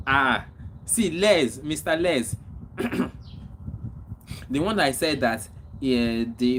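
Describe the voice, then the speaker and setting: A man from Nigeria with a Nigerian accent hosts a casual livestream, answering viewers' comments and giving repetitive, preachy advice, coughing and clearing his throat often. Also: mid-range voice, takes it slowly, pauses often, fairly bright tone, slight background noise, poor audio. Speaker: livestream host.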